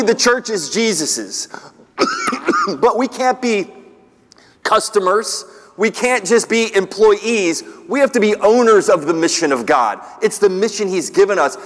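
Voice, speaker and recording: A middle-aged man preaching a sermon to his congregation, telling a story and acting out the voices in it, with restarts and pauses. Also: high voice, expressive, in a large hall. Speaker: pastor.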